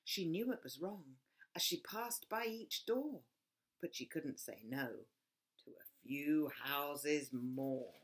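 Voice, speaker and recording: A woman reading her own picture book aloud for children, expressive, dropping to whispers and rising to loud cries. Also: low voice, takes it slowly. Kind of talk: storybook read-aloud for children.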